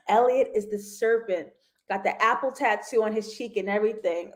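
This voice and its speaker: A woman hosting a casual livestream TV review, animated and laughing often as she talks to her viewers. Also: fairly high pitch, slow, pauses often. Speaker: TV review host.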